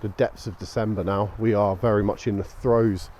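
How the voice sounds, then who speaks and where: A man's voice: lowish voice, steady tone, normal speed, darkish tone, slight background noise. A tired man chatting casually while walking his dog outdoors, rambling and easygoing with lots of fillers, recorded on a small action camera. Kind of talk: casual walk-and-talk chat. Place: outdoors on a local street at dusk.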